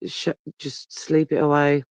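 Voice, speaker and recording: A man's voice: on the high side, completely flat delivery, measured pace, smooth, no echo. A man, chatting casually and tiredly to viewers on a livestream, rambling and swearing, holding the phone very close. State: tired and yawning. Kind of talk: casual live chat with viewers. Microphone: phone held very close. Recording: dull, lo-fi, dry phone audio.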